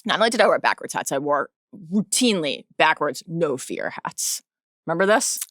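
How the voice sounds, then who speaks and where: A woman's voice: deep voice, sing-song, a little fast, a bit bright, no echo, studio quality. A woman co-hosting a podcast in casual chat, joking and telling rambling anecdotes. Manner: chatty, jokey, rambling anecdotes. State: tired, running on coffee. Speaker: podcast co-host.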